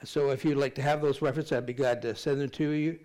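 A man's voice: mid-range voice, fairly even intonation, quick pace, darkish tone. An older man preaching a sermon, reading scripture aloud and telling stories in a conversational way, with rambling, self-deprecating asides. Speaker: pastor.

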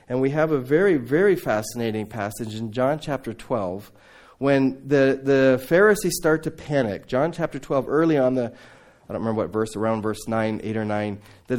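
A man preaching a sermon to a congregation, telling Bible stories in a lively way, acting out the dialogue and turning to his listeners with asides. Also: medium pitch. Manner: animated storytelling, acting out biblical dialogue. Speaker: preacher raising funds for a mission training center.

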